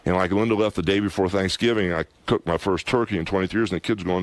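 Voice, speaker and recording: A man's voice: low voice, fairly even intonation, fast, no echo. A middle-aged man, a former wrestler, telling a long personal story as a radio guest, emphatic and rambling with lots of "you know" and "anyway". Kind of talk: candid radio interview storytelling.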